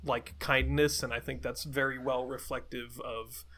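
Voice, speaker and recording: A man's voice: medium pitch, flat delivery, measured pace, a loud crowd. A man co-hosting a film podcast, talking casually and hesitantly with many fillers. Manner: hesitant, lots of likes and ums. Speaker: podcast co-host.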